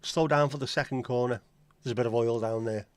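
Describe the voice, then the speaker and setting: A man's voice: mid-range voice, fairly even intonation, brisk, no echo. Chatty Liverpool-accented man on a dry mic. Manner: chatty, jokey, greets viewers by name, swears casually. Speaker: livestream host. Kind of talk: casual livestream chat.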